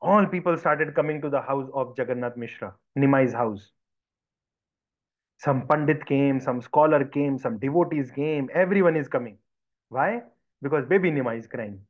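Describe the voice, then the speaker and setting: A man's voice: mid-range voice, moderate pace. A man, teaching by storytelling in a devotional lesson and acting out the voices of villagers. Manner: animated, acts out voices of villagers. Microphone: video call. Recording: dull lo-fi video call audio.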